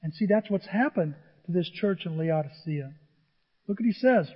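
A man preaching a sermon as pastor, animated and storytelling, acting out the voices of the people in his stories. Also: sits high, moderate pace, breathy edge, big-room sound, lo-fi sound.

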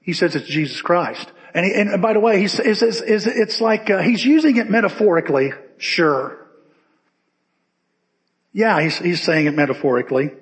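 Male pastor, conversational sermon delivery, fairly high-pitched, long church reverb. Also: moderate pace. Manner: conversational, animated storytelling. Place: church sanctuary.

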